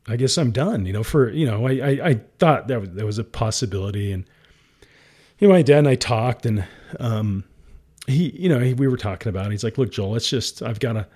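Male interview guest, middle pitch, emotional storyteller, teary but laughing. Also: darkish tone, husky. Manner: emotional, laughs often, calls the host "guy". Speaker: guest entrepreneur.

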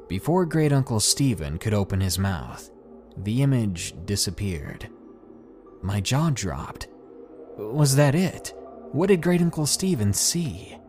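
A man narrating a first-person story in a dramatic, expressive storytelling manner. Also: fairly low pitch.

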